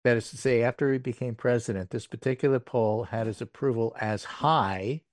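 A man's voice: mid-range voice, steady tone, moderate pace, darkish tone, dry recording. Dry, wry man reading the numbers. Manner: wry, dry asides with fillers. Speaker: political podcast host. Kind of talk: casual political commentary, reading poll numbers.

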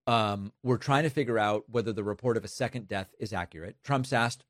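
A man's voice: lowish voice, fairly quick, fairly bright tone, dry recording, clean studio sound. A man hosting political commentary, emphatic and incredulous, with a sarcastic edge. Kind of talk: casual spoken commentary.

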